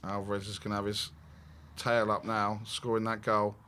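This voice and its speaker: A man hosting a live match watch-along, reacting with loud exclamations and reading out viewer messages. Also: on the low side, completely flat delivery, normal speed, clean tone. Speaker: host of a fan watch-along stream.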